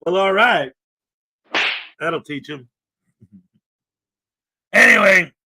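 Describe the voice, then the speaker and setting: A man from Canada hosting a casual morning livestream, greeting viewers by name with loud, upbeat enthusiasm and a slightly rough throat. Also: high voice, animated, very slow. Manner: upbeat, greeting chat names with shouted enthusiasm. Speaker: livestream host.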